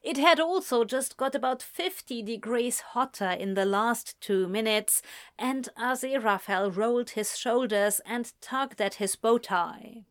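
A woman narrating a story in a slow, measured reading voice. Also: on the high side. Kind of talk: fan fiction reading.

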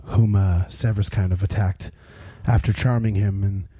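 A man's voice: on the low side, fairly even intonation, moderate pace, warm tone, husky. A young man narrating as game master in a tabletop game, rambling and loose with many fillers.

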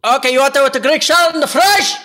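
Man putting on a gruff, impatient diner phone guy, pitched up and loud, rushing every caller.

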